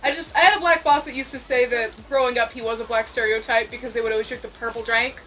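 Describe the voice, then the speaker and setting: A woman's voice: fairly high pitch, fairly even intonation, fast, bright, forceful tone, rough recording. A woman in casual group chat who is giggly and teasing.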